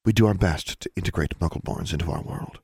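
A man voicing a stern, evasive woman school dean in a measured, formal tone in an audiobook. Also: sits low, darkish tone, slightly rough, no room sound, clean studio sound. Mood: guarded.

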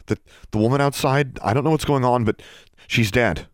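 A man's voice: mid-range voice, moderate pace, no echo, clean studio sound, pitched above the performer's own voice, lightly acted. A man reading aloud, voicing a frightened young teenage witch girl who pleads breathlessly and insistently. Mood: urgent pleading.

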